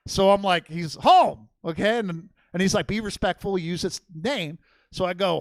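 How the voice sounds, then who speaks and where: A man's voice: high-pitched, very animated, moderate pace, dry recording. A man telling a rambling, profane story as a stand-up comedian on a comedy theater stage.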